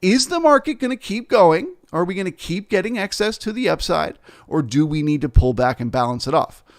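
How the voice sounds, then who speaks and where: A man teaching as a futures trader, explaining the market through rhetorical questions and frequent "right?" and "okay?" check-ins. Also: fairly high pitch. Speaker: futures trader and trading educator.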